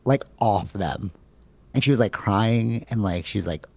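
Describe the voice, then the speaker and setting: Male podcast co-host, low and gravelly, rambling casual talker. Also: expressive, measured pace, warm tone, no echo. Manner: rambling, filler-heavy, says "like" and "bro" a lot.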